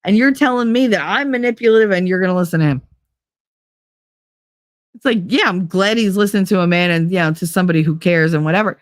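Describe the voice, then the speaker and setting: A woman's voice: fairly low pitch, fast talker, dry recording. Candid woman with a dry close sound. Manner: candid, rambling, laughs often, acts out quotes. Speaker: podcast host. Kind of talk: casual monologue.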